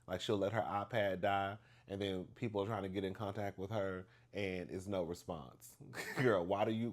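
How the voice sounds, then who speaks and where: Chatty storytelling man, lowish voice. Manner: chatty, animated, addresses listener as "girl"; acts out dialogue with exaggerated emphasis. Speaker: vlogger telling a story. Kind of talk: casual storytelling to camera.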